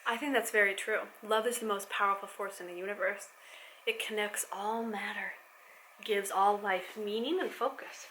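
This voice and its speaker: A woman's voice: medium pitch, steady tone, normal speed, pushed and bright, slight background noise. A woman vlogging from home as a mother, chatting casually and affectionately while folding laundry.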